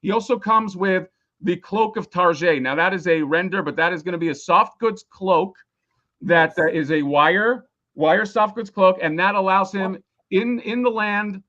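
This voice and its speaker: A man's voice: high-pitched, normal speed, sharp tone, highs cut off. A man losing his voice, rambling casually and swearing a lot while explaining a toy on a live stream. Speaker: toy designer presenting a crowdfunding campaign.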